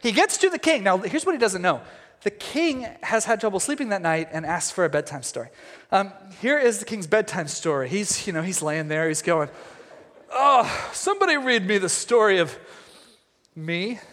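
A male pastor giving a sermon, retelling a story with lively, jokey asides. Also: high voice, fairly quick, long reverb tail.

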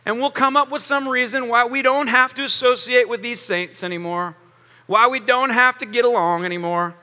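A man preaching a sermon as pastor, animated and joking, often acting out quotes. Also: extremely high pitch, moderate pace. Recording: long hall reverb.

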